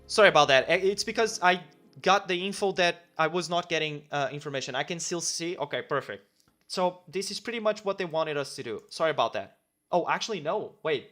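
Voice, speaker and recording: A man's voice: on the high side, sharp tone. A man live-streaming himself coding, reading instructions aloud and talking himself through each step, often correcting himself.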